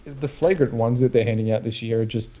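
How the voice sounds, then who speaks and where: Australian male co-host, mid pitch, blunt and dry, slightly muffled recording. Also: steady tone, fast talker, mellow. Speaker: podcast co-host. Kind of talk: casual sports chat.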